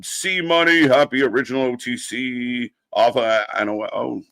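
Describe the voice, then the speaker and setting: A man's voice: medium pitch, moderate pace, vocal fry, sharp tone, dry recording. A young man hosting a live wrestling stream, casually greeting chatters by name in an upbeat way. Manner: rattles off chat names and greetings, upbeat. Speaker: host of a live wrestling watch-along stream.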